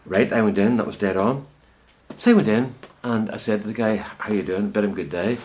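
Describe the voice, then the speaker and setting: A man's voice: fairly low pitch, fairly quick, a little mellow, slight background noise. A man with a Northern Irish accent chatting casually to camera from his greenhouse, rambling and correcting himself as he tells a story. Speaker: vlogger. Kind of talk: casual chat.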